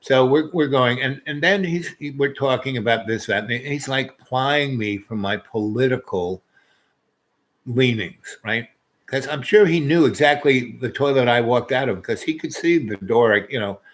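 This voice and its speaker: A man's voice: mid-range voice, normal speed. Rambling New man telling a tale. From New York. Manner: meandering, repeats words, chuckles often. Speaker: storyteller. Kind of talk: rambling personal anecdote.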